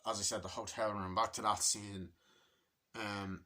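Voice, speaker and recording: A man's voice: on the low side, flat delivery, measured pace, bright, forceful tone. A man giving a casual, rambling film review, enthusiastic and full of swearing and restarts. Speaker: movie reviewer.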